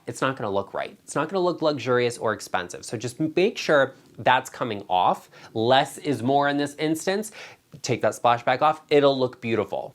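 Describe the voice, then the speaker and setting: A chatty male interior designer talks straight to camera, sassy and emphatic as he hands out his rules. His tone is casual and opinionated. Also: mid-range voice.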